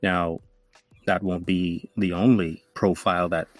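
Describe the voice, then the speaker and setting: A man who hosts a podcast, speaking earnestly and warmly inviting guests to join. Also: sits low, flat delivery, unhurried, soft background music. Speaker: podcast host. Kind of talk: casual podcast chat.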